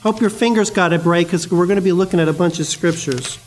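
A man's voice: high voice, quick pace, a little hiss or hum, poor audio. A male preacher giving a sermon in a conversational, storytelling way, with asides to the congregation.

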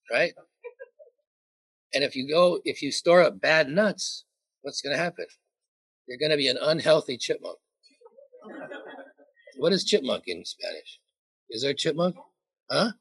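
A man's voice: a little high, gravelly, a bit bright, slightly rough, no room sound. A man preaching a sermon, joking and putting questions to the congregation. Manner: jokey, asks the congregation questions.

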